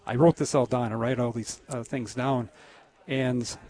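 A man talking as a guest on a radio show, halting and earnest, with many restarts and pauses. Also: medium pitch, steady tone, mellow. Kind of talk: casual testimony on a radio show.

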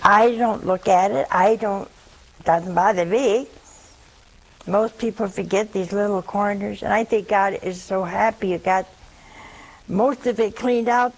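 A woman's voice: mid-range voice, steady tone, measured pace, rough recording. A woman giving a conversational Catholic religious talk, telling humorous stories and asking her listeners rhetorical questions.

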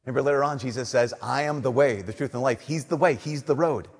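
A young adult man giving a sermon, telling animated stories and swinging between loud emphasis and soft, slow lines. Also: medium pitch, slightly rough. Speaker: Catholic priest. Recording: long reverb of a church.

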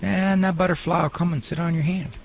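A man hosting a radio talk show, speaking in a lively, folksy way with joking asides. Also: fairly high pitch, a little fast, vocal fry, slight background noise, poor audio. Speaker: radio host and psychologist.

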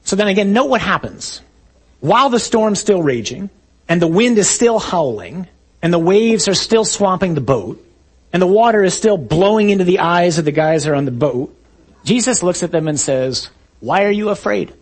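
A man preaching a sermon, retelling a story vividly and acting out shouted lines. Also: high-pitched, sing-song, normal speed, breathy edge.

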